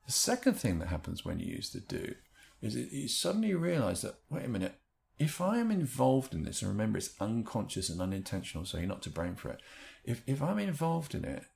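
Low gravelly guy explaining stuff, thoughtful, restarts words now and then. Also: brisk. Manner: thoughtful, restarts words, animated rises in pitch. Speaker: speaker explaining a stress technique. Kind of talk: explanatory talk.

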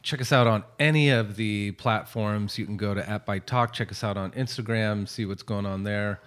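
A man's voice: fairly low pitch, steady tone, normal speed, a bit bright, smooth. A man co-hosting a podcast in easygoing, chatty talk. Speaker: podcast co-host. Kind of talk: casual chat.

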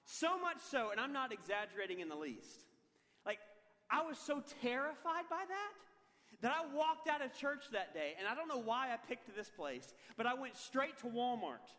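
A man preaching a sermon as pastor, telling an animated, self-deprecating story with humor. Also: very high voice, moderate pace. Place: large church hall. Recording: long hall reverb.

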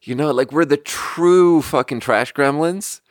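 A man's voice: fairly high pitch, unhurried, no echo, studio quality. A young man from Sweden telling a rambling, exasperated story in casual podcast chat and swearing freely. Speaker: podcast host.

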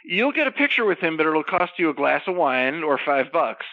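An animated man swerves through profane, rambling stories in a relaxed chat. His voice sits a bit high. The recording is dry and slightly dull. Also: normal speed, dry recording. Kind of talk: casual storytelling chat.

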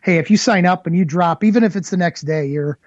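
A man organizing a tournament, talking it through in a measured, explanatory way in casual conversation. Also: high-pitched, no echo, dull audio. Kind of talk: casual chat.

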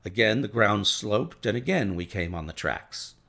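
Gravelly male storybook narrator. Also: fairly low pitch, normal speed. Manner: steady, first-person storytelling. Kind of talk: storybook reading.

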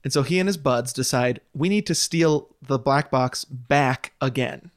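A man's voice: medium pitch, unhurried. Man casually recapping a movie plot. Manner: laughs often, recaps plot with fillers. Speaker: podcast co-host.

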